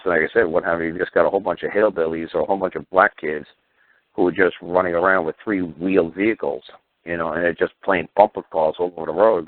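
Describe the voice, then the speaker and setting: Gruff man ranting over a phone line. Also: low voice, no room sound. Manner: blunt, profane and combative, acts out courtroom exchanges. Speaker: talk show host. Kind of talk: ranting radio call-in talk. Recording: tinny phone-line audio.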